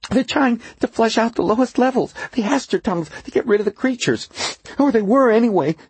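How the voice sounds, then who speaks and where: A man voicing a terrified, gasping middle-aged engineer who talks in a shrill, frantic rush. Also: lively intonation, brisk, darkish tone, husky, no room sound, exaggerated voice.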